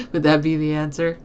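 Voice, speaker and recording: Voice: mid-range voice, a little mellow, highs cut off, slight background noise. A live streamer chatting casually with viewers from a home desk, laughing often.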